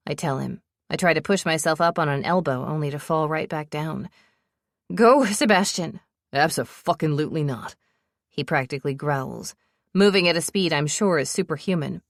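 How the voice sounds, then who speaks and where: Woman, audiobook narrator, first-person romance, low voice, urgent, dry close recording. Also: no room sound.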